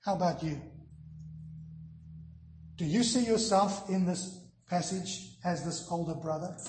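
A male pastor preaching a sermon, swelling loud on key lines and dropping to hushed, near-whispered endings. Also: high-pitched, reverberant, slight background noise.

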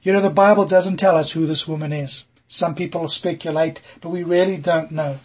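Very husky middle-aged male preacher. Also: a little high, fairly even intonation, a little fast. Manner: earnest preaching with rhetorical questions to the congregation. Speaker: pastor. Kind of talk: sermon.

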